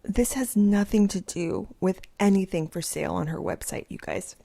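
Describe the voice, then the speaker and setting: A middle-aged woman, a vlogger, chatting casually from home in a giggly, animated way. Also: medium pitch, normal speed, gravelly. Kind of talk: casual commentary vlog.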